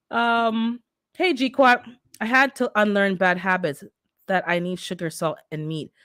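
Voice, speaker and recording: A middle-aged woman hosts a relaxed livestream and keeps answering her viewers' chat as she talks. Her voice sits a little low for a woman. It is recorded close in a dry room. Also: no echo. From immigrant to North America. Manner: chatty, talks back to viewers' comments. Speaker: livestream host reading the chat.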